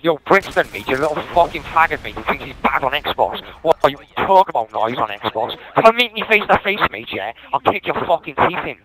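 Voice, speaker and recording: A man from Wales in angry in-game voice chat, shouting threats and swearing heavily. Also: a little high, very animated, fairly quick, hardly any pauses, low-quality recording. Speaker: online gamer.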